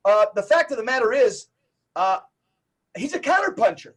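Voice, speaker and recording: A man who is a Catholic evangelist, a guest on a podcast interview, talking in an emphatic, preacher-like, rapid-fire way. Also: extremely high pitch, sing-song, a bit bright, husky.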